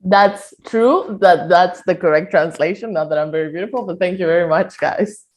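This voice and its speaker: A woman teaching a live online Spanish lesson on a video call, lively and quick to laugh. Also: on the low side.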